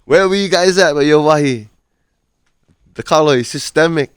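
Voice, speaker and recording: A man with a Hawaiian Pidgin accent, a farmer telling stories in a casual chat on a farm, animated and quick to laugh. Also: on the high side, smooth, no room sound, clean studio sound. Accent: Hawaiian Pidgin English. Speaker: podcast guest, farmer.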